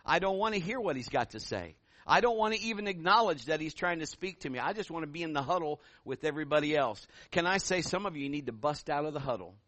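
A middle-aged man preaching a sermon as pastor, telling stories in an animated way and building to loud calls. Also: fairly high pitch, fast, few pauses, no echo.

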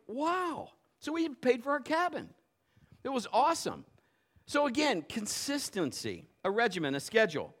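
Folksy, emphatic man preaching. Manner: folksy storytelling, swings from low asides to loud emphatic preaching. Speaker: pastor. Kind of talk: sermon with personal stories.

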